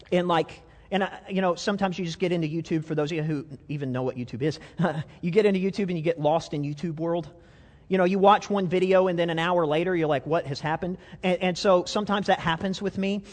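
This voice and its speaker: A man preaching a conversational sermon, self-deprecating and full of restarts, to a congregation. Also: high-pitched. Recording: long reverb of a hall.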